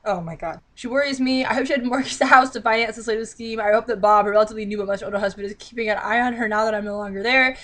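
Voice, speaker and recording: A woman's voice: on the high side, fairly even intonation, very fast, hardly any pauses, a bit bright. A woman vlogger reading a novel aloud and breaking off into exasperated, sarcastic commentary. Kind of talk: read-aloud with mocking commentary.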